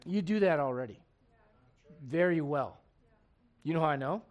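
A man's voice: fairly high pitch, lively intonation, moderate pace. A man pastor preaching a casual, conversational sermon to his congregation and reading scripture aloud.

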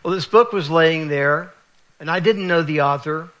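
A man's voice: on the high side, normal speed, fairly bright tone, lo-fi sound. A man from West Virginia telling his personal faith testimony in an earnest, confessional storytelling manner. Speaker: speaker sharing his testimony.

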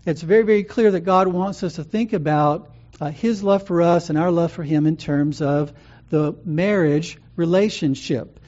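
A man's voice: a little high, normal speed, a little mellow. A man preaching a sermon as pastor, teaching in a conversational way with frequent ums and restarts. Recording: muffled lo-fi sound.

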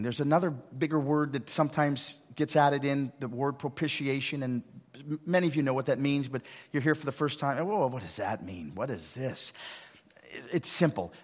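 A male pastor giving a sermon, swinging between hushed lines and loud emphatic ones. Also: mid-range voice. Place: church sanctuary. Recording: long hall reverb.

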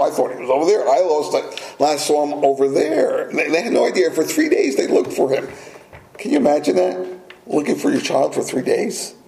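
A man's voice: on the high side, warm tone. Man preaching a sermon in a roomy space. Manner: conversational, asks the listeners questions. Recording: echoey room.

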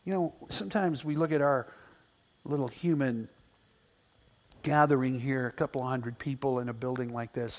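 A man preaching a sermon to a congregation, telling Bible stories in an animated way that swings from loud, excited passages to hushed, quiet ones. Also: mid-range voice, normal speed, pauses often, long reverb tail. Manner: animated storytelling, acting out biblical characters, swings between loud and hushed. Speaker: pastor. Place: church building before a congregation.

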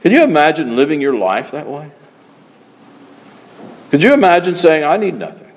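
A man preaching in a high, animated voice that leaps and dips from phrase to phrase. He leans on single words and repeats them for weight. A long hall reverb trails behind him. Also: normal speed. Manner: emphatic preaching, repeats key words for effect. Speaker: pastor. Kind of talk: sermon.

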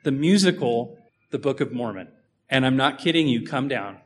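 A man's voice: mid-range voice, lively intonation, moderate pace. A man preaching a sermon, emphatic and conversational, putting rhetorical questions to his congregation.

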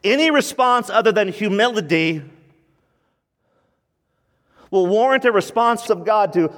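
A man's voice: high voice, expressive, unhurried, pauses often, in a large hall. A man preaching a sermon to his church, moving from teaching into impassioned, pleading prayer. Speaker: pastor.

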